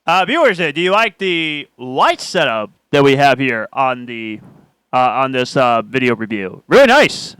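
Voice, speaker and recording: A man's voice: mid-range voice, big pitch swings, measured pace, a bit bright, smooth, no echo, rough recording. Playful man with a dry, close sound. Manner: easygoing, playful, laughs along. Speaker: podcast co-host. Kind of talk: casual chat.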